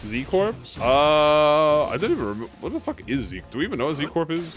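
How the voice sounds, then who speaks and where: His voice sits a little high and sing-song, and he talks a little fast while live-streaming a game and chatting to his audience. The casual chat drifts, self-corrects and tails off into mumbles, with faint game music behind it.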